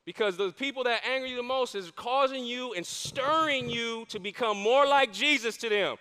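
A man preaching a sermon as a campus pastor, animated and repeating his key lines for emphasis. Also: extremely high pitch, moderate pace, few pauses, clean tone. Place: church stage. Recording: long hall reverb in a church.

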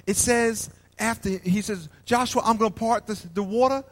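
A man preaching a lively sermon as pastor, acting out small scenes and calling on the congregation to answer him. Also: high voice, normal speed. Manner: animated preaching, plays out little scenes and asks the crowd to respond. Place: church hall. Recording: long hall reverb.

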